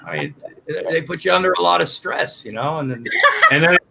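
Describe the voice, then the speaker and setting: A man's voice: fairly high pitch, brisk, vocal fry, bright, forceful tone, slight background noise, poor audio. An older man on a livestream chat, rambling and cursing with many restarts. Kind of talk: casual chat.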